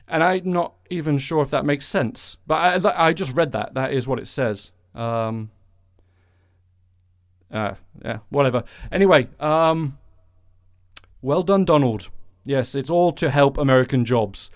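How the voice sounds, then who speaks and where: A man hosting his own podcast, ranting in a sarcastic, sweary way full of rambling asides. His voice sits at an ordinary pitch for a man. The recording is dry and close, with no room echo. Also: moderate pace. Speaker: podcast host. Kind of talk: casual solo political rant.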